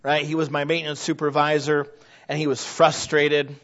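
A man preaching a sermon in a church, animated and quick to laugh as he talks to the congregation. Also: fairly high pitch, muffled recording. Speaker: pastor.

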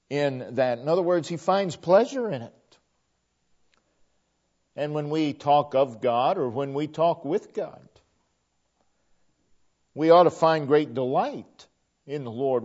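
A man's voice: mid-range voice, darkish tone. A man preaching a sermon in an earnest way, often repeating and restarting phrases. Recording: dull lo-fi recording.

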